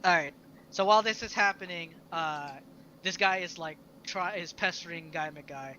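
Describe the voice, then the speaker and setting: Bright-voiced man running the game. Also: high voice, normal speed, lo-fi sound, slight background noise. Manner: loose, chatty narration full of "like". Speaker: game master. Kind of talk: narrating a tabletop game.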